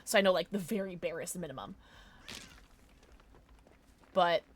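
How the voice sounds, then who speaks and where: A woman's voice: fairly low pitch, a little slow. Tired, chatty woman streamer. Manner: chatty and rambling, reading out viewers' names, laughing often. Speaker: livestreamer. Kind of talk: casual chat with viewers while gaming.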